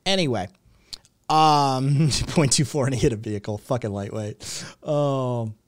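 A man's voice: mid-range voice, dry recording, studio quality. A man hosting a podcast, chatting casually and sarcastically, swearing often and rambling with lots of fillers. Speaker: podcast host. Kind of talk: casual commentary chat.

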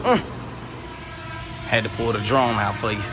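Casual male car vlogger, excited and breathless, outdoor camera audio with loud engine noise. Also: lowish voice, moderate pace. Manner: excited, hyped, repeats himself. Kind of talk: casual vlog narration. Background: loud car engine and street noise.

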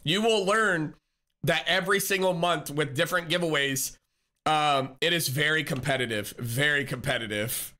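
A man's voice: on the high side, normal speed, pushed and bright. A man live-streaming, chatting casually with viewers, reading chat, greeting people and laughing often in a teasing way.

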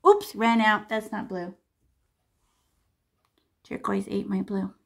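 A woman's voice: medium pitch, level tone, slow, creaky, a bit bright. A woman art teacher leading a live painting class over a video call, chatty and chanting repeated words as she paints.

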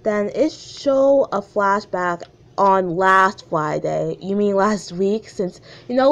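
A woman's voice: medium pitch, expressive, takes it slowly. A woman casually reading her own childhood story aloud, breaking off for chatty, self-mocking asides.

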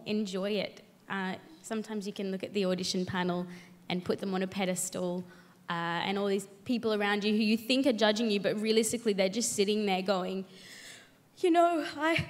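A woman on a panel, talking in a relaxed, reassuring way. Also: mid-range voice. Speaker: graduate on a panel. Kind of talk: panel discussion. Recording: long hall reverb.

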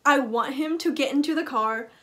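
Playful high-voiced woman reacting. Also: normal speed, fairly bright tone, faint music behind. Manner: playful, joking, teasing. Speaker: reaction video host. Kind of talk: casual reaction vlog.

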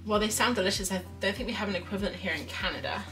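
Talking rapid-fire in a fairly bright, medium-pitched voice, a young art streamer rambles and reads chat during her drawing livestream. She's far from the mic, slightly off-axis, with faint music playing.

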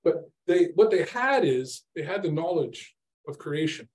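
A man's voice: a little high, very animated, unhurried. A middle-aged man preaching an informal sermon, conversational, asking his listeners questions and acting out his own exasperated prayers.

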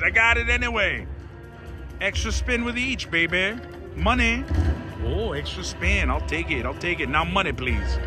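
A man giving casual live commentary while gambling at a casino slot machine, talking to his viewers in a dramatic, theatrical way. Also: high-pitched.

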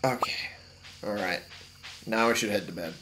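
A man giving casual gameplay commentary, muttering to himself and cursing loudly at the game. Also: on the low side, normal speed, background noise. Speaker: let's play gamer.

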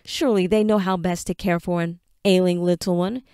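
A woman's voice: fairly low pitch, fairly even intonation, brisk, dark tone, clear, resonant tone, no echo, clean studio sound, lightly acted. A woman reading an earnest, grieving young son. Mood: defiant, hurt. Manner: earnest, pleading, holding back tears.

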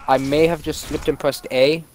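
A man's voice: on the high side, flat delivery, moderate pace, a little mellow, soft background music. A tired young man streaming a game, chatting casually and telling profane, rambling stories where he acts out what people said. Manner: profane, rambling storyteller acting out quotes. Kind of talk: casual gaming chat.

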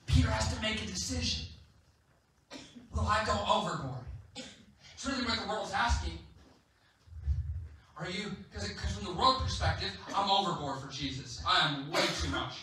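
Male guest preacher, high bright voice, animated storytelling, very echoey church hall, distant mic. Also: normal speed, pauses often, slight background noise. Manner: animated storytelling, playful and emphatic. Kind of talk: sermon.

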